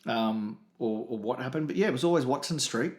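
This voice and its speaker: A man co-hosting a comedy podcast, full of deadpan asides. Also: medium pitch, fairly quick, reverberant. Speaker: podcast co-host. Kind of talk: comedic banter.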